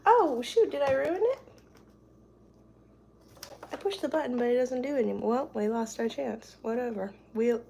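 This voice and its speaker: Chatting from her kitchen on a livestream, this young host reads viewer comments aloud, answers them, and giggles easily. She speaks at a moderate pace with long pauses, in a mellow, slightly high voice with lively intonation. Clear background music plays over poor audio that carries a little hiss or hum.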